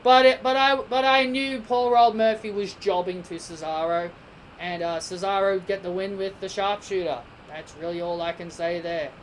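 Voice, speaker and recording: A woman's voice: mid-range voice, steady tone, normal speed, rough recording. Woman reviewer, casual solo talk, rambling and opinionated, stumbles and restarts often, faint hiss behind her. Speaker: wrestling show reviewer.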